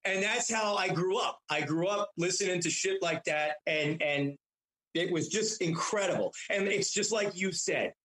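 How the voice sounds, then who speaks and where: High-voiced rambling man telling stories. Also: moderate pace, a bit bright, low-quality recording. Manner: rambling, many restarts and repeated words. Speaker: guest. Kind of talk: casual storytelling.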